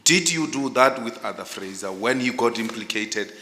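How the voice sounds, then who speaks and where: Man grilling a witness, sharp forceful voice, loud by habit, echoey hall. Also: mid-range voice, animated, normal speed. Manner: forceful and insistent, speaks loudly by habit. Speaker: commissioner questioning. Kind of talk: pointed questioning at a hearing. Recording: long reverb in a large hall.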